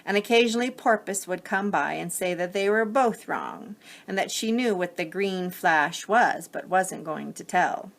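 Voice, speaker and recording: A woman reading a picture book aloud to children as a teacher, gently pausing to explain the story. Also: lowish voice, vocal fry.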